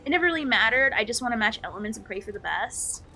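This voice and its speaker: Animated high-voiced woman streamer. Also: quick pace. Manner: animated, playfully ranting and scolding. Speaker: live streamer. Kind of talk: casual gaming stream chat.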